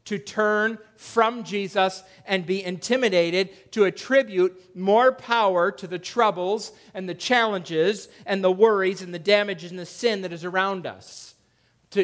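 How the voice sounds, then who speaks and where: A male pastor preaching a conversational sermon, acting out quoted lines with a raised, louder voice. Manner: conversational preaching, acts out quoted voices with rising pitch and loudness. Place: church.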